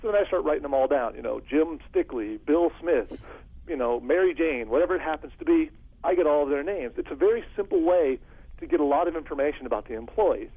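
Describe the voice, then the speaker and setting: A man working as a security consultant, telling stories in an interview in an animated way and acting out phone calls. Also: fairly high pitch, fairly quick, breathy edge. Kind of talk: storytelling interview answer. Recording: phone-like lo-fi audio.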